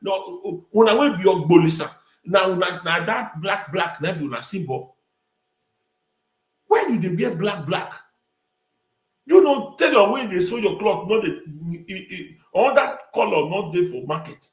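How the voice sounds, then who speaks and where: A Nigerian-accented male host delivers a ranting live-stream commentary, hammering his points by repeating the same words. His voice sits a little higher than most men's. The room around him rings with a noticeable echo. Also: expressive, measured pace. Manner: emphatic, repeats phrases. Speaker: talk show host.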